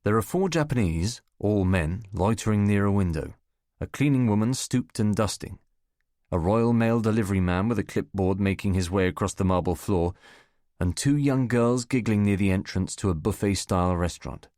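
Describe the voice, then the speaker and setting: A man reading a first-person spy novel as an audiobook narrator, measured and wry. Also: lowish voice, a little mellow, no room sound, studio quality.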